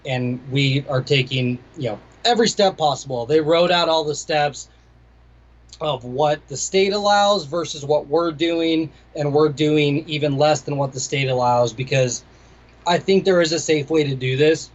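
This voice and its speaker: A young adult man, a DJ and music producer appearing as a guest, chats casually in an interview, laid-back and rambling and swearing plenty. His voice is a little high at a measured pace, in slightly dull lo-fi audio.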